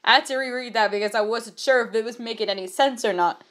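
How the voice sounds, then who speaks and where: A woman's voice: on the high side, fast talker, fairly bright tone. A woman reading fan fiction aloud with comic commentary; she laughs often and stumbles over words.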